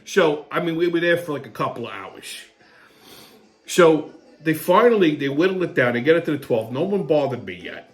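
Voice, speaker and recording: A man's voice: a little high, expressive, normal speed. A man hosting his own show, telling a long story in a blunt, rambling and profane way. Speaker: host. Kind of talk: casual storytelling monologue.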